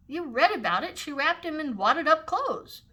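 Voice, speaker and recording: A woman's voice: sits high, sing-song, normal speed, bright, forceful tone, pitched above the performer's own voice, heavily acted. A grandmother voicing a cocky, blunt know-it-all boy.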